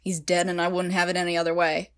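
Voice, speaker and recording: Woman doing a cold, growling male country for a storybook reading, low and hard. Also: monotone, fast talker, close to an everyday voice. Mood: strained. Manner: icy, growling. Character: cold, hostile male country, Soviet Union.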